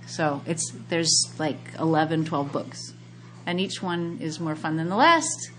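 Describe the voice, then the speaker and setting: A woman with a slightly low voice hosts a casual book chat. She talks eagerly, piling up details as she tells the story. Her tone stays loose and friendly. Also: a little slow, slight background noise. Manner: enthusiastic, chatty storytelling. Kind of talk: casual chat about books.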